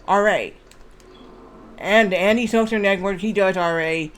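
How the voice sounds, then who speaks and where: A man's voice: sits high, steady tone, measured pace, fairly bright tone. A man streaming a game, chatting in a rambling, casual way with restarts and frequent swearing. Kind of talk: casual gameplay commentary.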